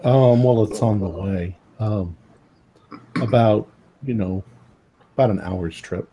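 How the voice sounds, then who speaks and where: A man's voice: on the low side, slow pace, background noise. Rambling man running a tabletop game. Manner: rambling, many filler sounds. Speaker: game master.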